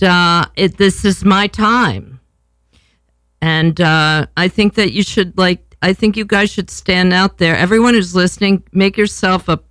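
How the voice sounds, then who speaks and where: A woman's voice: fairly low pitch, a bit bright, no room sound. A woman, hosting a casual talk show in a brash, rambling way, swearing freely. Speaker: podcast host.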